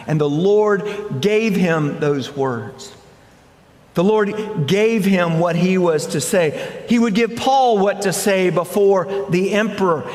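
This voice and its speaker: A male pastor preaching a verse-by-verse sermon, emphatic and repeating key phrases. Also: high voice. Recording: echoey hall.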